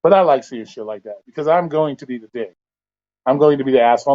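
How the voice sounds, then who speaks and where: A man's voice: mid-range voice, quick pace, muffled recording. Blunt, profane man ranting on a livestream. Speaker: livestream host. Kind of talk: casual livestream rant.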